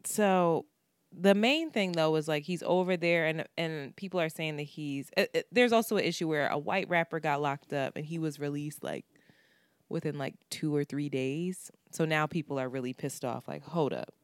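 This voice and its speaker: Podcast co-host, woman, candid and profane, low resonant voice. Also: normal speed, clear, resonant tone, no echo, clean studio sound. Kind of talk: casual chat.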